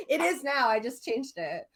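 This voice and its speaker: A woman's voice: sits high, sing-song, unhurried, slightly rough. A woman who grew up in the American Midwest, chatting loosely on a charity livestream. She talks in starts and stops, circling back mid-sentence and laughing easily between thoughts. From US Midwest, Indiana. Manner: chatty, trailing restarts, laughs often. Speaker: podcast co-host. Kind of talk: casual livestream chat.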